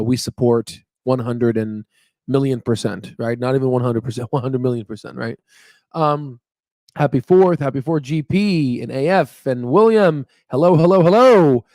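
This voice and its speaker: A man's voice: mid-range voice, a little mellow, no echo. Young guy rambling casually on a stream, lots of ums, dry close sound. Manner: chatty and rambling, with laughs and fillers. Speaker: stock market channel host. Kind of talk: casual livestream chat. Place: staying in Memphis, Tennessee.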